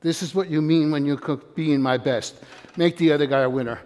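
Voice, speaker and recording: An older man giving an energetic live motivational talk, quizzing and calling out to his audience in a room. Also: fairly high pitch, brisk. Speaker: motivational speaker. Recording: long hall reverb.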